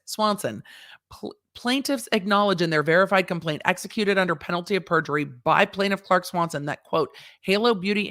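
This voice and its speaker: Lady lawyer reading court docs aloud, sassy and animated, dry close mic. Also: on the low side, no echo. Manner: animated, sassy, acts out the court's lines in quotes. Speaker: lawyer and commentary host. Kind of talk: casual legal commentary.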